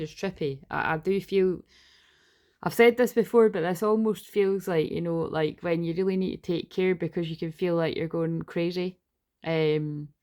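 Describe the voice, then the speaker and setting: A woman doing a rambling, casual tarot reading as an energy healer, swearing now and then. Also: low-pitched.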